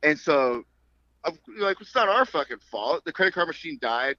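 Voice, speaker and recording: A man in his thirties, an MMA fighter guest on a remote call, telling stories in an animated, profane way and acting out the voices in them. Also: fairly high pitch, normal speed, no room sound. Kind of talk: casual storytelling interview. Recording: dull call audio.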